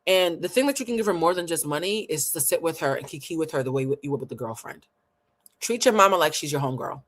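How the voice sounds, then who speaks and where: A woman giving a live-stream tarot reading, animated, blunt and playful, talking to viewers in casual slang and laughing often. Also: sits low, quick pace. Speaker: tarot reader.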